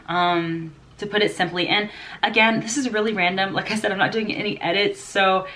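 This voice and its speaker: Woman vlogger, lower voice, congested, rambling and chatty, laughs a lot, unedited talk. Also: bright, forceful tone. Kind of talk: casual unedited vlog chat.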